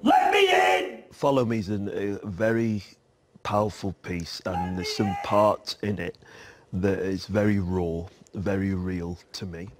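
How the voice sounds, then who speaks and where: A stage actor speaking earnestly and reflectively in a documentary interview. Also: male voice, deep voice, steady tone, a little slow, a little hiss or hum.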